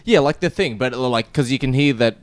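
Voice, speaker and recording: A man's voice: mid-range voice, fairly quick, no echo. A man co-hosting a casual film review podcast, retelling scenes in a loose, swearing, offhand way.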